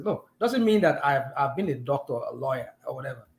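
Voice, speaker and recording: Fast-talking Nigerian man, animated. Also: a little high, slightly rough. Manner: quick, animated, defensive outbursts. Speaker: chat participant. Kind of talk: casual chat.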